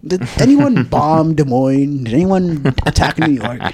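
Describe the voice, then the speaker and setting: A man's voice: a little high, very animated, measured pace, warm tone, husky. A man hosting a casual podcast chat, ranting profanely and laughing often.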